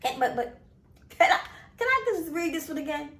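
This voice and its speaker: A woman host, reading Bible verses in a casual faith talk, animated and emphatic, repeating phrases. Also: high voice, roomy sound. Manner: animated, emphatic, drawn-out repetitions. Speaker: show host.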